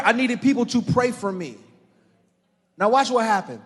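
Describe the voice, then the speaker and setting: A middle-aged man preaching a sermon to a church congregation, building to shouted fervor and calling out to the crowd. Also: very high-pitched, moderate pace, slightly rough. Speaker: pastor. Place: large church hall. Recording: live church sermon with long hall reverb.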